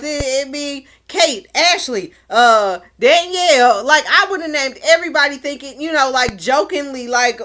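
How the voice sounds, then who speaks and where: A woman's voice: high-pitched, animated, a little slow, hardly any pauses, bright, forceful tone. A woman recapping a dating show in a casual vlog, blunt and exclaiming, with slangy asides. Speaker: show reviewer.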